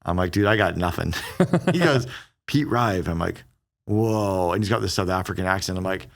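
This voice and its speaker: A middle-aged man, a guest on a business podcast, telling stories in a quick, animated conversational way and acting out the dialogue he quotes. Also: low-pitched, vocal fry. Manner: fast, animated storyteller who acts out quoted dialogue.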